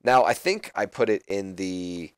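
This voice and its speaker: A man's voice: low voice, a little slow, clean tone, no room sound. A man giving casual, rambling commentary on a wrestling management game. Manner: rambling, offhand.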